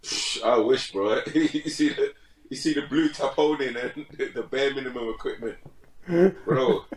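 A man's voice: mid-range voice, measured pace, reverberant, rough recording. A young man chatting casually as a podcast guest, laid-back, laughing often and saying "bro" a lot. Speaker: podcast guest, fitness content creator. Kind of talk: casual chat.

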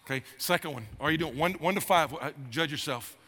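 A man in his fifties preaching a sermon as pastor, emphatic and given to repeating his phrases, growing animated as he goes. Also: on the high side, a little fast. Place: church sanctuary. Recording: long reverb of a large hall.

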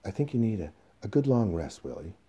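Man playing a curt dismissive boss, deep dark voice, husky. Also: big pitch swings, a little fast, full character voice. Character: impatient younger male boss brushing off an employee.

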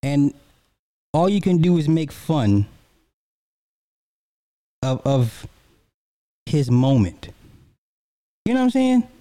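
Blunt, profane man with a dark voice. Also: fairly high pitch, big pitch swings, takes it slowly, pauses often, no echo. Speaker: reaction commentator. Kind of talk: profane reaction commentary.

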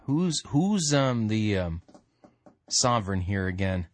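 A man's voice: lowish voice, sing-song, slow. A man hosting a sermon review, bluntly and scornfully critiquing the clips he plays. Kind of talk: critical commentary.

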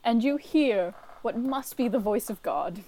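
A woman's voice: on the high side, expressive, unhurried, warm tone. A woman running a tabletop game as game master, teasing the players and laughing often. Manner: giggly, teasing, filler-heavy.

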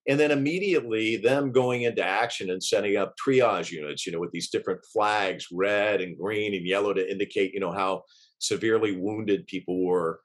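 A middle-aged man, a journalist, recalling what he witnessed in an interview, earnest and halting, with many restarts and fillers. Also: on the low side. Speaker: journalist eyewitness.

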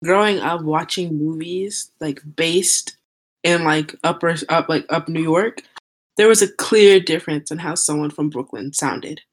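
Young woman, deep low voice, rambling filler-heavy chat. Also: measured pace. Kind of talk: casual group chat.

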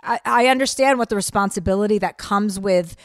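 A woman's voice: mid-range voice, fairly quick, no room sound. A middle-aged woman from New Jersey, a comedian guest, talking bluntly with dry self-mocking humor. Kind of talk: casual interview chat.

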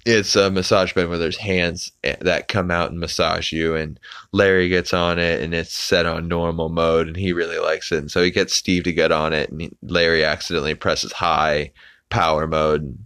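A man's voice: low voice, level tone, moderate pace, a bit bright, smooth, no echo. A young adult man hosting a podcast, casually recapping a cartoon with lots of fillers and the odd swear, on a close mic. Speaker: podcast host.

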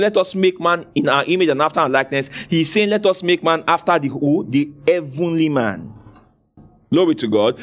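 Lively call-and-response preacher man. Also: fairly high pitch. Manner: call-and-response questioning, frequent hallelujahs. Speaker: pastor. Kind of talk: sermon.

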